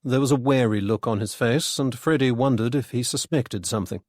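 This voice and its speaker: A male audiobook narrator with a middling pitch, reading in a measured, even way. The recording is close and dry, with no room sound. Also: no room sound. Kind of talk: scripted storybook narration.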